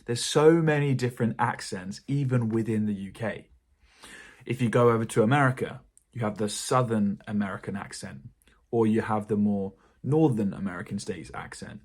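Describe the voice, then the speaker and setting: A man with a British accent, an English teacher giving a clear, measured, encouraging lesson to camera. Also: lowish voice, a little mellow.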